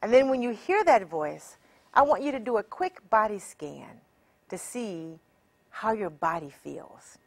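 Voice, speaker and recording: Woman, empowerment coach, encouraging and measured, animated pitch. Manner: measured and encouraging, with many rhetorical questions. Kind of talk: motivational teaching talk.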